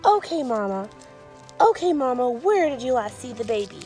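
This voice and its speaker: A woman's voice: a little high, big pitch swings, normal speed, a little mellow, faint music behind. A woman voicing an eager, helpful toy dinosaur friend in a toy play story, cheery and take-charge.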